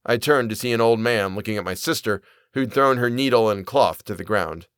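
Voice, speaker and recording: A man reading a period story aloud as narrator, in an expressive, measured way. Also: fairly low pitch, smooth, no echo, studio quality. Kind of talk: audiobook reading.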